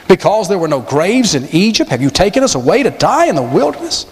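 A man preaching a sermon as pastor, telling a scripture story with animated, dramatic emphasis. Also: sits high, brisk, few pauses. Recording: long reverb of a large hall.

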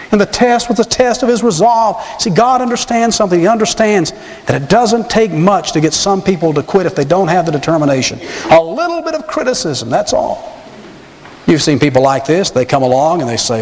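A man preaching a sermon as pastor, telling a scripture story with animated, dramatic emphasis. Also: a little high. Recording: long reverb of a large hall.

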